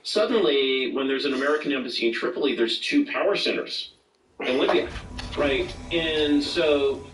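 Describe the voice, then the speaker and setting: A man's voice: medium pitch, normal speed, fairly bright tone, roomy sound, far from the mic, soft background music, low-quality recording. A man speaking as an interview guest, rambling with many fillers and acting out quotes. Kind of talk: casual interview talk.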